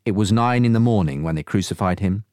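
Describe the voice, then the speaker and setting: A man reading scripture aloud in a measured, expressive way. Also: on the low side, no room sound, clean studio sound. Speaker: scripture reader.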